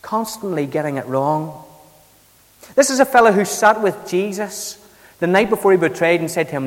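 Male preacher, animated storyteller, echoey church hall, slightly high voice. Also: moderate pace. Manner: lively storytelling preacher, acts out Bible figures with big swings in loudness. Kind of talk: sermon.

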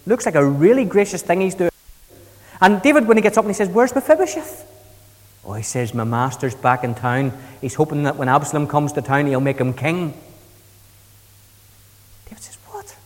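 A man's voice: fairly high pitch, a little fast, long pauses, in a large hall. A man preaching a sermon, retelling the scripture in a conversational, storytelling way. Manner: conversational storytelling, paraphrasing scripture in everyday speech. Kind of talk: expository sermon.

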